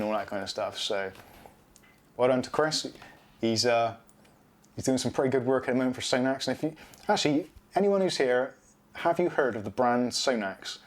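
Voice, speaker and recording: This middle-aged British man, speaking at a medium pitch, hosts a relaxed live stream. He rambles in a chatty way and reads viewer comments aloud.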